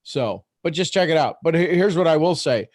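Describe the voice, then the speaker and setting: A man's voice: on the high side, lively intonation, fairly quick, no echo, clean studio sound. A man hosting a call-in talk show, chatting in an easygoing way. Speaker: host.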